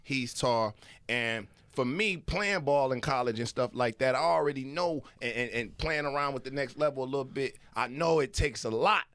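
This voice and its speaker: A man's voice: mid-range voice, moderate pace, fairly bright tone, dry recording. A man guesting on a comedy chat, telling profane, easygoing stories about his kid. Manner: profane, laid-back parent telling stories.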